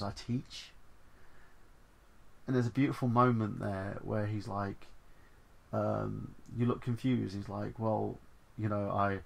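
A man with a low, gravelly voice talks through a film review in a loose, casual way. He rambles with lots of fillers and restarts, and his enthusiasm keeps spilling over. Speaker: movie reviewer.

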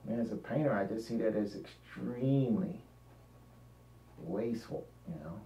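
A man's voice: lowish voice, normal speed, mellow, a little hiss or hum. A man narrating a painting demonstration, thinking aloud as he works and often trailing off mid-sentence. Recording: roomy, dull lo-fi sound, mic at a distance.

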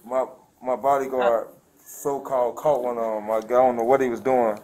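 A man's voice: mid-range voice, level tone, moderate pace, darkish tone. A man from Chicago telling, agitated and profane, how he was arrested and beaten. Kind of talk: casual talk in custody.

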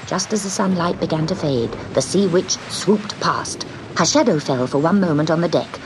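A woman reading a children's story aloud in an expressive, sing-song way. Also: fairly low pitch, moderate pace, hardly any pauses. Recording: background noise.

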